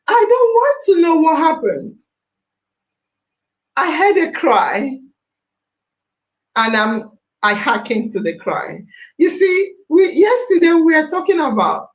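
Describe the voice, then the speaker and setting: A woman's voice: sits high, low-quality recording. Impassioned woman hosting a podcast. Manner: emphatic, preachy, repeats phrases, rises to near-shouts. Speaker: podcast host.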